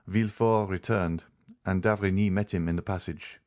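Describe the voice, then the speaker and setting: A man narrating a classic novel as an audiobook, in a steady, even storytelling manner. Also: low voice, normal speed.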